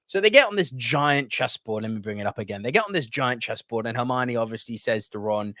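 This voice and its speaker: Animated male movie reviewer, dry close sound. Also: mid-range voice, a little fast, hardly any pauses, no echo. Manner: chatty, animated, reading viewer comments. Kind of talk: casual video review.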